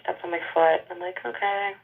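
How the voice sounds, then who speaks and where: A young woman co-hosting a casual podcast chat. She is relaxed, laughs easily and lets her sentences trail off softly. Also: mid-range voice, fairly quick, creaky, breathy edge, narrow, tinny audio. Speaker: podcast co-host.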